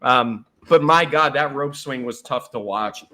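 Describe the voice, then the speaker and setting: A man's voice: medium pitch, measured pace, bright, forceful tone, slight background noise. A man co-hosting a casual movie review podcast, rambling and wisecracking with enthusiasm. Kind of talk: casual chat.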